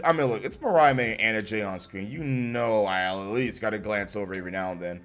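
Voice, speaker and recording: A man's voice: fairly high pitch, a bit bright. A man reviewing a wrestling show in a blunt, sarcastic rant, swearing heavily. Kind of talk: profane ranting review.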